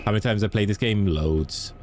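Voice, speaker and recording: A man's voice: lowish voice, brisk, slight background noise. A young man with a Welsh accent, casually chatting with his viewers while streaming a game and answering them by name. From Wales. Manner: chatty, answers chat by name, laughs easily. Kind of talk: casual live-stream chat.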